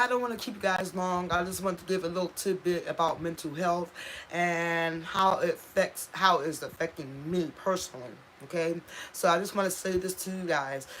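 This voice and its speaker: A woman's voice: fairly low pitch, a bit bright, a little hiss or hum. Impassioned woman talking on a live stream. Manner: raw, impassioned, repeats for emphasis, thanks viewers in chat. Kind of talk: emotional casual live-stream talk.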